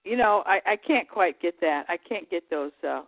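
A woman calling in as a guest on a radio show, rambling in casual chat with halting starts and trailing thoughts. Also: on the low side, expressive, no room sound. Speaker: call-in guest. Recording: tinny dry phone line.

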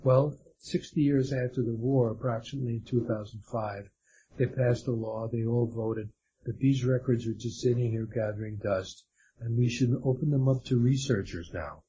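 A guest author answers questions in a conversational interview, hesitating and stumbling with many fillers. His voice is medium-pitched and warm, captured in dull lo-fi sound with faint noise.

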